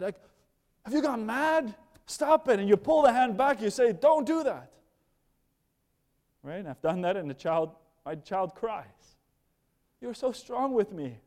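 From the pulpit of a large church hall with long reverb, a pastor delivers an earnest sermon. His fairly high voice has a mellow, dark quality, sinking to near-hushed moments before climbing again with urgency.

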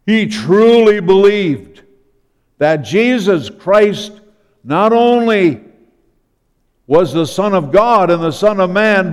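Male preacher, high smooth voice, unhurried storytelling delivery, echoing church hall. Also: a little mellow. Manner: storytelling, acting out the biblical speakers. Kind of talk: sermon. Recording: long hall reverb.

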